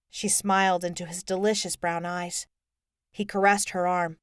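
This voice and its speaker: A woman narrating a young adult novel in a measured storytelling manner. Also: mid-range voice, fairly even intonation, no echo, studio quality. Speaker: audiobook narrator. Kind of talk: scripted narration.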